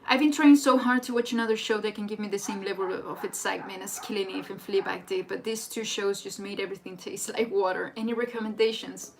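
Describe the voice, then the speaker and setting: A young woman, a native Spanish speaker, hosting a casual live chat in an excitable, rambling way. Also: mid-range voice, quick pace, gravelly, hardly any pauses. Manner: excitable and rambling, with frequent restarts. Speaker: livestream host. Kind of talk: casual live chat reading viewer comments.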